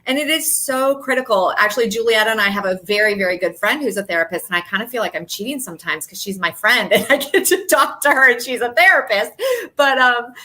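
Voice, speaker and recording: An American woman in her forties co-hosting a casual podcast, a chatty, animated storyteller. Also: on the high side, fast talker. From United States. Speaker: podcast co-host.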